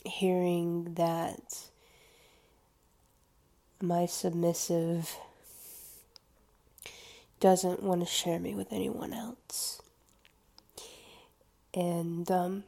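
Woman talking slow and low, gravelly fry, halting and half-whispered, intimate confessional vibe. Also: flat delivery. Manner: hesitant, halting, drifting into soft whispers.

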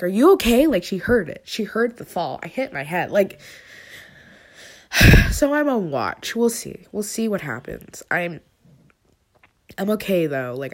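A young woman with a stuffy nose, rambling candidly and swearing through a personal voice update after a long, emotional day. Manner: rambling, candid, swearing, swings between low mumbling and high tearful outbursts.

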